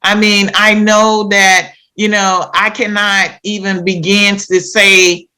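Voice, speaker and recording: A woman hosting a podcast, making an earnest, measured appeal and comforting a guest. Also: mid-range voice, little pitch movement, bright, forceful tone, low-quality recording. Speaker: podcast host. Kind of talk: slow, earnest appeal and interview.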